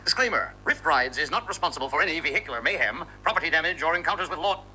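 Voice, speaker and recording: Male ad announcer, high and bouncy, hard-sell commercial read over loud ambient noise. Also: animated, rapid-fire. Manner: punchy, salesy announcer delivery.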